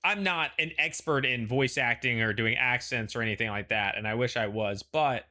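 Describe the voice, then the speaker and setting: Male host, bright tone, loose chatty delivery with plenty of hedging. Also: mid-range voice, normal speed. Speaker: show host. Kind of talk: casual pre-show chat.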